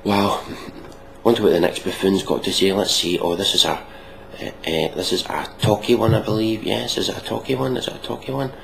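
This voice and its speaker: Deep, gravelly sarcastic man. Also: steady tone, a little fast, a bit bright, slight background noise, low-quality recording. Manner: sarcastic, mocking, swears freely. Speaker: reaction video host. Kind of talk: casual reaction commentary.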